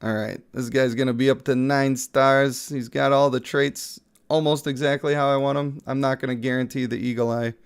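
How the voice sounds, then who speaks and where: A man's voice: medium pitch, level tone, normal speed, hardly any pauses, smooth. A man who is sick, giving casual, playful live-stream commentary on a mobile game and chatting with viewers.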